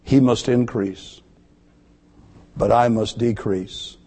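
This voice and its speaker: A man preaching a sermon to his congregation, emphatic, repeating key words and slowing down to stress them. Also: medium pitch, fairly even intonation, mellow, husky. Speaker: pastor.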